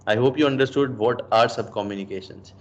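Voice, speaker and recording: A young man with a medium-pitched, brisk voice runs a coaching session as a dating coach. He's emphatic, throws rhetorical questions at the listener, and mixes in Hindi phrases. The high frequencies are cut off.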